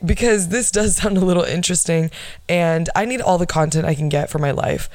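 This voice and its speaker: A woman's voice: fairly low pitch, animated, fairly quick, darkish tone, dry recording, clean studio sound. A woman, hosting a casual podcast and telling a story in a chatty, profane way full of "like". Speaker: podcast host. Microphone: phone with pop filter.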